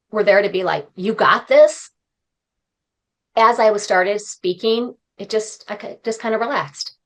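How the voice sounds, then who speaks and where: A woman speaking as a podcast guest, talking in an earnest, heartfelt and encouraging way. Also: mid-range voice. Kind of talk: conversational interview.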